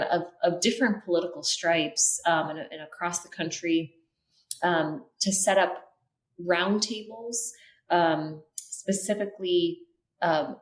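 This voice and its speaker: Earnest woman guest in an echoey room. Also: fairly low pitch. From Minnesota. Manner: earnest, many filler ums and restarts. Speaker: guest, clean energy policy strategist. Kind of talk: podcast interview. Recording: roomy echo.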